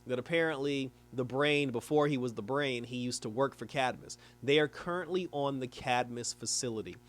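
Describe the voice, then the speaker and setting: Young man, casual episode recap, animated, laughs a lot, plays out the characters' lines. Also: mid-range voice. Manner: animated, retells scenes acting out the characters, laughs often. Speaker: reviewer of a cartoon episode.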